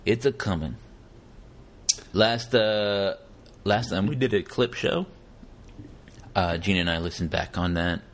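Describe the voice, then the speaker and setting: A man's voice: low-pitched, unhurried, pauses often, slight background noise. A man hosting a podcast, chatting casually and joking, laughing often. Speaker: podcast host.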